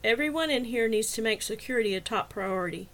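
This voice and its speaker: A woman's voice: a little high, lively intonation, fast talker, fairly bright tone. Woman reading a self-assured male security officer. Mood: firm.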